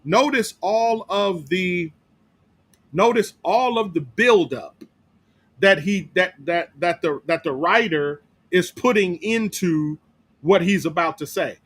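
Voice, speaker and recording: Male pastor, higher than usual voice, teaching Bible study in church, emphatic, repetitive, checks in with "right?". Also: slow pace, fairly bright tone, slightly rough.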